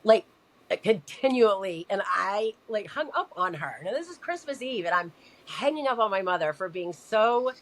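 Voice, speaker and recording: A woman guest telling a personal story in conversation, animated and acting out quoted dialogue. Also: mid-range voice, moderate pace. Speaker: podcast guest.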